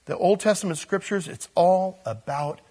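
Pastor, male, slightly higher voice, emphatic, repeats key phrases in a verse-by-verse sermon. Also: normal speed, dark tone, husky.

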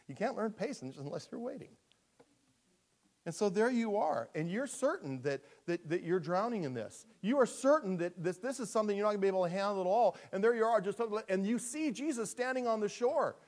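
A man preaching a sermon in a conversational, humorous style, animated and quick to laugh at himself. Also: sits high.

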